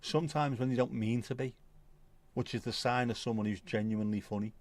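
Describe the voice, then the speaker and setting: A man's voice: medium pitch, brisk. A middle-aged man, hosting a livestream in casual chat, laughing and swearing often as he talks. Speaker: livestream host. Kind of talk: casual chat reading viewer comments.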